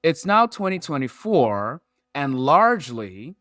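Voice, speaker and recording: A man, a podcast guest who explains his points through lively analogies and metaphors. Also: a little high, takes it slowly, no room sound, clean studio sound, faint music behind. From Nigeria. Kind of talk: animated storytelling in an interview.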